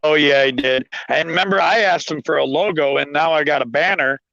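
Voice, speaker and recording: A man chatting excitedly and a bit ramblingly with friends on a live video call. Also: on the high side, a little fast, vocal fry, no room sound. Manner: excited, rambling, laughs while talking. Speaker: guest homesteader. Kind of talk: casual live-stream chat. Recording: muffled lo-fi call audio.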